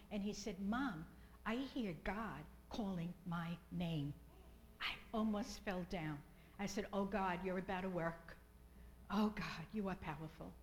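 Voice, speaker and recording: Middle-aged woman preaching slow n fervent, repeats herself, faint hum behind. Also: mid-range voice, rough recording. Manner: fervent, repeats phrases, drops to soft whispers in prayer. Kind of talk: sermon.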